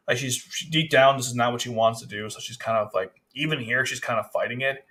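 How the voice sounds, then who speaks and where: A man's voice: mid-range voice, a bit bright. A man casually reviewing a manga chapter, rambling, with frequent restarts. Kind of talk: casual commentary.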